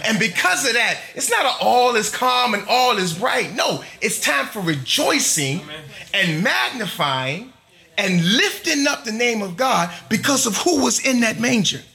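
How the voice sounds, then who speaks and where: A middle-aged man preaching in church with a high, bright voice that swings widely in pitch. He presses his points emphatically, stacking long rhythmic lists. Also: sing-song, unhurried, creaky. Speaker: pastor. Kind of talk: sermon. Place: church before a congregation.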